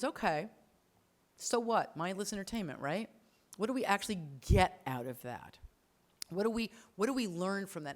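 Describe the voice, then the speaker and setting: Woman lecturer, lively talk, acts out quotes, quick bursts. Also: mid-range voice. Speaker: writing lecturer. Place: lecture hall.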